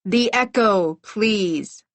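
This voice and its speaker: A woman's voice: medium pitch, extremely slow, no echo. A woman voicing a haughty young girl apprentice who sounds bored and talks like an adult, in an audiobook. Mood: curt. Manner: bored, superior, grown-up airs.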